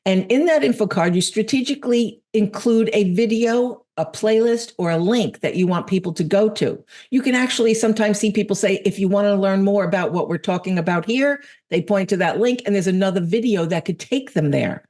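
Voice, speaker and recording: A woman's voice: medium pitch, brisk, hardly any pauses, a little mellow. A woman guest walking listeners through YouTube tools in a casual interview. Her voice is worn and fading from hours of talking. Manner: explanatory. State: losing her voice.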